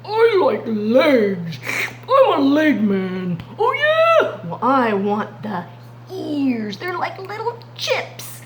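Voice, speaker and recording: A woman's voice: high-pitched, huge pitch swings, a little hiss or hum, pitched above the performer's own voice, heavily acted. A woman voicing a pack of hungry, boastful male lions in a children's Bible story, drawing out her words greedily. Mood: greedy. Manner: greedy, gloating, drawn-out.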